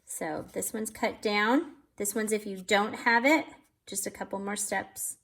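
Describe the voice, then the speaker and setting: A woman's voice: medium pitch, a little slow, vocal fry, fairly bright tone. A woman hosting a casual card-making tutorial, chatty and self-deprecating, talking straight to viewers while she works and sounding a bit out of breath.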